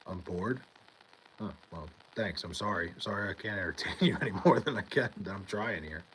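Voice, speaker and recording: A young man with a deep, low voice hosts a casual livestream from home. He rambles, swears freely and answers his chat by name. A faint hiss of noise sits under the recording. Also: normal speed, a bit bright, rough recording. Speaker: livestream host reading chat. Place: home in New York.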